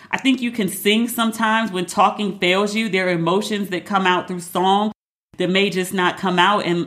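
A woman's voice: mid-range voice, fairly bright tone. A woman hosting a podcast, talking casually and emphatically, acting out both sides of a conversation with a friend. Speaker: podcast host. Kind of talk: casual solo podcast monologue.

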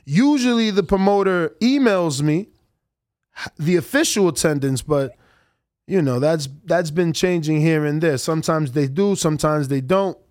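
A man co-hosting a casual boxing talk show, chatting in an animated, conversational way. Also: on the high side, normal speed, no room sound, clean studio sound. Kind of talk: casual sports chat.

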